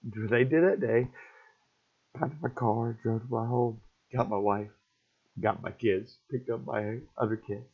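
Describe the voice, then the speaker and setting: A middle-aged man telling an emotional personal story in a halting, repetitive, raw way. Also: medium pitch, vocal fry, breathy edge. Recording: dull lo-fi recording.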